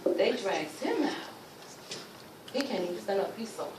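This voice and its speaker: A woman giving an emotional personal testimony at a luncheon, telling her story in animated, informal speech and acting out what people said. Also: medium pitch, moderate pace, background noise. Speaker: speaker sharing a personal testimony. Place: luncheon event room. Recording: roomy, distant mic, faint ambience.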